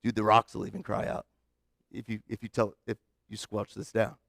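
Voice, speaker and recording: A man putting on a calm, low, casual voice for Jesus, quiet and unhurried. It sounds laid-back rather than grand. The recording is dry and close. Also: gravelly, no echo. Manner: relaxed, offhand.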